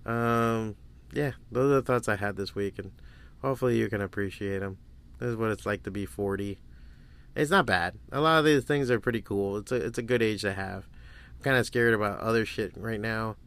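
A man's voice: fairly low pitch, a little fast, fairly bright tone, clean tone. A man in his forties hosting a solo podcast, telling stories in a crude, rambling way and swearing freely. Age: 40s. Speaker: podcast host. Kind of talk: casual solo podcast monologue.

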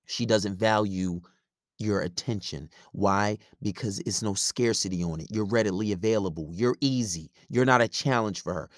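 Gravelly deep-voiced man talking blunt. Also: dry recording, studio quality. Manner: blunt, profane, rambling. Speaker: podcast host giving relationship advice. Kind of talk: casual monologue.

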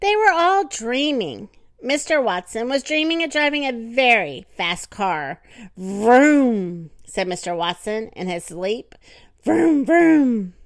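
A woman reading a children's story aloud in an expressive, animated manner with dramatic pauses. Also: high voice, no room sound, clean studio sound.

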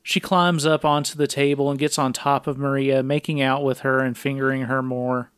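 Smooth-voiced man recapping a film. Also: medium pitch, moderate pace, no echo, clean studio sound. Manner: recounting scenes in a flat, matter-of-fact play-by-play. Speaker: podcast co-host. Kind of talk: casual film recap podcast.

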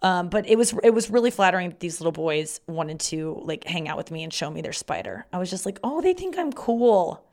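A young woman hosts her own podcast and talks through stories from her week in a loose, casual way. She swears often and breaks into loud quoted outbursts now and then. Her voice sits a little lower than most women's. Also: quick pace, few pauses. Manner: swears freely, acts out loud quoted shouts. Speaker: podcast host. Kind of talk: casual storytelling monologue.

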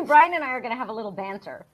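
A woman from Canada chatting casually, teasing and joking. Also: fairly high pitch. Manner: teasing, flirty joker. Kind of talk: casual chat.

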